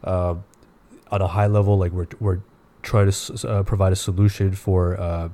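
A man's voice: deep voice, flat delivery, moderate pace, dark tone. A man co-hosting a podcast in casual chat, his voice nasal and stuffy from allergies, rambling with lots of fillers. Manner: rambling, many fillers and restarts. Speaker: podcast co-host.

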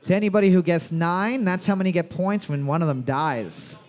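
A man's voice: high voice, a little mellow. A man hosting a bar trivia night over a microphone, reading questions twice and joking crudely between them. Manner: jokey, profane, repeats each question slowly. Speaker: trivia quizmaster.

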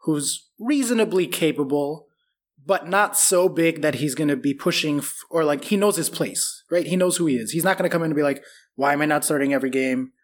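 A man's voice: on the high side, expressive, brisk. A man co-hosting a casual football podcast, talking through signings bluntly and swearing freely. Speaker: podcast co-host.

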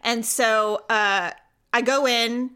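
A woman's voice: fairly high pitch, steady tone, slow pace, bright, forceful tone, smooth. A woman co-hosting a podcast, chatting casually and acting out the people in her stories. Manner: chatty storyteller, acts out quotes. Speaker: podcast co-host. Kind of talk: casual chat.

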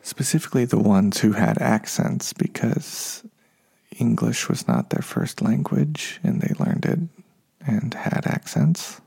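A man speaks alone on his podcast in a hushed, husky, deep-toned voice with a strong gravelly fry. He talks loosely and unscripted, often correcting himself along the way. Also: lively intonation, unhurried. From United States. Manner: unscripted, self-correcting, slightly frustrated. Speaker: podcast host. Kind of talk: solo podcast monologue.

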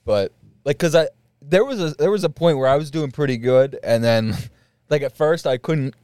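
A man's voice: fairly high pitch, moderate pace, a little mellow, clean tone, no room sound, clean studio sound. A young man co-hosting a podcast in casual chat, rambling through stories with lots of fillers and frequent laughter. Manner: rambling, laughs often, many fillers and restarts. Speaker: podcast co-host.

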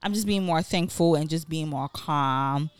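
A woman's voice: deep voice, normal speed, clear, resonant tone, no room sound. Encouraging woman podcast co-host. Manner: encouraging, reflective, talks with many fillers. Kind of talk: casual chat.

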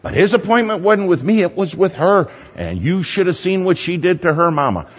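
A man preaching a sermon, telling a story animatedly, shifting between loud and hushed. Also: high-pitched, sing-song, a little fast, noisy background. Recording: muffled hall recording with long reverb.

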